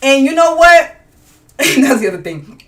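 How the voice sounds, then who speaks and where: Animated woman chatting, far from the mic. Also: high voice, a little slow. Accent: Boston. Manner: animated, laughing, acting out quoted people. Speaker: podcast co-host. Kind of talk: casual chat.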